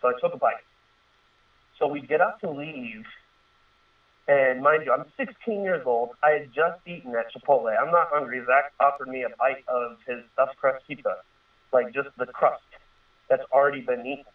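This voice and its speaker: Through tinny, distant phone-line radio audio, a medium-pitched man in his thirties shares a personal story at normal speed. His telling is casual and earnest, rambling with fillers and restarts.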